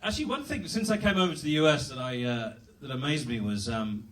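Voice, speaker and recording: A man's voice: medium pitch, animated, quick pace, a bit bright, distant mic, slight background noise. A young British man doing a rambling, self-deprecating stand-up set at a comedy club. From Britain.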